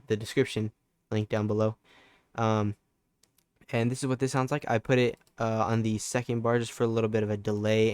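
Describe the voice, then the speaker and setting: A young man walks through a music production tutorial in a loose, laid-back way, with plenty of fillers and restarts. His voice sits low and stays fairly even. The sound is smooth and clear on a dry, close mic. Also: no echo. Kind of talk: casual screen-recorded tutorial.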